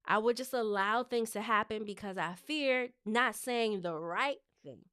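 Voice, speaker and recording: Lively woman speech coach, smooth voice. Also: a little high, a little slow, dry recording, studio quality. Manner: lively, expressive, conversational. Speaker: speech coach hosting a live show. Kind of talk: live coaching talk.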